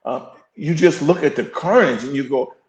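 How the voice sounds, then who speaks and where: A man's voice: fairly high pitch, moderate pace. A man speaking candidly and reflectively as an interview guest, with an earnest, preacher-like emphasis. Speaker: podcast guest, fire captain and coach. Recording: roomy echo.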